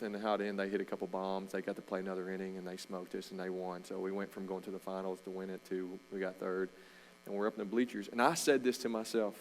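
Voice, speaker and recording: Middle-aged man, slightly low voice, a coach telling stories from the pulpit with sudden loud bursts. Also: slight background noise, low-quality recording. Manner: storytelling, animated, with loud shouted bursts. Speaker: coach and church speaker. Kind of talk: informal sermon talk. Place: church.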